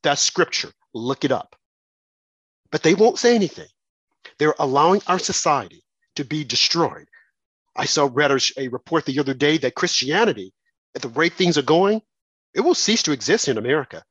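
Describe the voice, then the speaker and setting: Husky guy ranting on talk radio, pitch all over the place, dull lo-fi sound. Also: animated, moderate pace, a bit bright, no room sound. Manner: fervent, emphatic, preacherly. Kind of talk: impassioned talk radio monologue.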